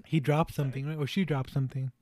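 Young man, casual movie recap, dark mellow tone, dry close sound, rambling and laughing. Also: mid-range voice, steady tone, fast, dry recording. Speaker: friend in a movie discussion. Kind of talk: casual chat, retelling a movie plot.

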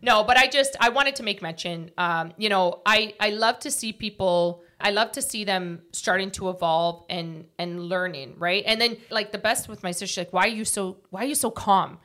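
Woman, podcast co-host, casual storytelling, bright tense tone. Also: medium pitch, moderate pace, few pauses. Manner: chatty storyteller, acts out quotes.

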